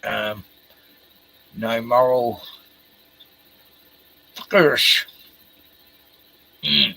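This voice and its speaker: An Australian man co-hosts a podcast and riffs loosely on a news clip, swearing freely and laughing often. He talks at an unhurried, drawn-out pace. His voice sounds very bright. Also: mid-range voice, fairly even intonation, creaky, rough recording. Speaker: podcast co-host. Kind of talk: casual commentary on a news clip.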